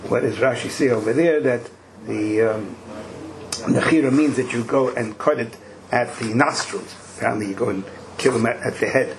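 A man's voice: mid-range voice, moderate pace, crowd noise, low-quality recording. A man leading a text study lesson, explaining with rhetorical questions and joking asides. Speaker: teacher leading a study class.

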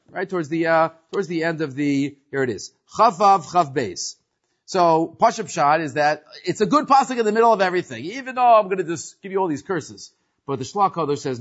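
Lively man teaching a Torah class, lo-fi. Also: a little high, moderate pace. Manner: lively, mixing Hebrew and English, questioning "right?". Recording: dull lo-fi sound.

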